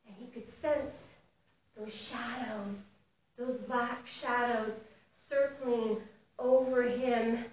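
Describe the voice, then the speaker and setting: A woman preacher telling a fable in a sermon, with expressive, dramatic storytelling and big swings in loudness. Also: on the high side. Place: fellowship sanctuary. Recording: echoey hall from far off, faint noise.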